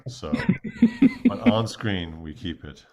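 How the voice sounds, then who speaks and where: Male guest, lively pitch, joking riffer. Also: takes it slowly, lo-fi sound, a crowd in the background. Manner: joking, animated, laughs. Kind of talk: casual chat.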